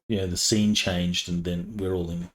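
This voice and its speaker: A man playing a tabletop game, speaking calmly and explaining things. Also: deep voice, moderate pace. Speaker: player. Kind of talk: casual tabletop play.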